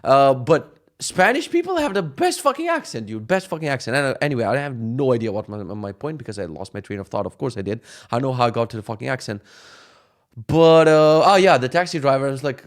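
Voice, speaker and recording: A man's voice: medium pitch, fairly quick. A man from Macedonia telling stories in a casual vlog monologue, joking and swearing freely. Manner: profane, joking, animated storytelling. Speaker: vlogger.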